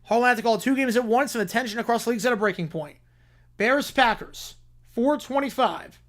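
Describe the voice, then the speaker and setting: Animated man reading a story aloud. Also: extremely high pitch, brisk. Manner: animated, breaks off to laugh and comment. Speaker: livestream host.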